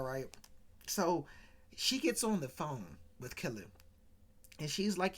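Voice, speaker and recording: A man's voice: very animated, takes it slowly, long pauses, a bit bright. A man hosting a casual talk show, retelling a comedy sketch with asides to viewers and jumpy voices for quotes. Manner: chatty, asides to viewers, mimics quotes with pitch jumps. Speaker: podcast host.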